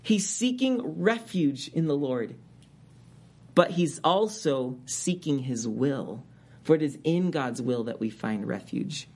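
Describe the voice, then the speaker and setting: A man's voice: on the high side, animated, slow pace, darkish tone, breathy edge. A man preaching a sermon as a pastor, reading scripture aloud and rising in emphasis on key words.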